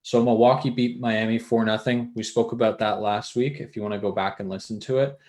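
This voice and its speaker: A man co-hosting a casual sports chat at an ordinary, mid-range pitch. He keeps things upbeat and jokey, throwing in playful asides as he moves between topics. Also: fairly even intonation, brisk, darkish tone. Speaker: podcast co-host.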